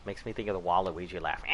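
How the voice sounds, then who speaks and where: A man's voice: fairly low pitch, fairly bright tone, muffled recording. A man hosting a game live stream, chatting casually and rambling, laughing at his own jokes. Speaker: gaming live-stream host.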